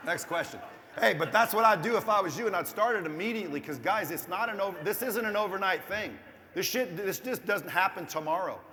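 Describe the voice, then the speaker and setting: His voice is high-pitched, pushed and bright, and he talks briskly. This interview guest, an entrepreneur, gives blunt, profane, casual business advice right to the viewers, recorded in an echoey room with faint background noise.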